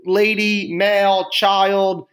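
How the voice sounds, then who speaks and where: A man's voice: high voice, level tone, very slow, fairly bright tone. A man co-hosting a podcast in casual comedic banter, rambling with stammers and frequent laughs. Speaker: podcast co-host.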